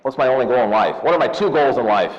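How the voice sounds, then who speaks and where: A man of about fifty from Southern California, giving a lively, jokey seminar talk and telling stories to loan officers, often calling them "you guys.". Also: mid-range voice, quick pace, a crowd in the background. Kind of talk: live seminar talk with personal storytelling. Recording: echoey hall, dull lo-fi sound.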